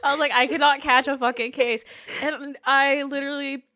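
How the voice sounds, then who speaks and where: Young woman, bright sharp voice, high, blunt, profane, wry. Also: flat delivery, moderate pace. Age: young adult. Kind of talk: casual storytelling chat.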